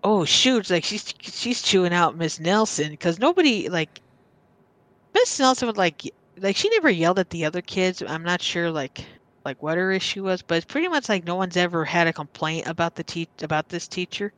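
A woman's voice: lowish voice, lively intonation, a little fast, dry recording. A woman guest casually telling a true story from her childhood, rambling with lots of fillers and acting out what others said. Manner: rambling, filler-heavy, acts out quoted voices.

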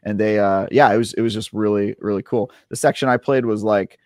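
Male gaming podcast host, casual chat, low-pitched, dry, laughs a lot. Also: steady tone, fairly quick, a little mellow, no echo. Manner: chatty, laughs easily.

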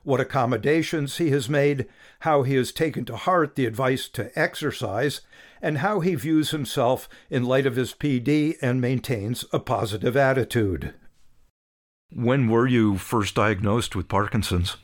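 A man calmly asking questions as a podcast interviewer. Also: medium pitch, unhurried.

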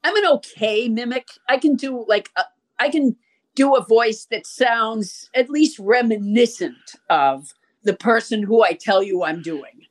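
A woman's voice: on the high side, lively intonation, measured pace. An older woman hosting a podcast, chatting in a wry, rambling, self-deprecating way. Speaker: podcast host. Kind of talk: casual chat.

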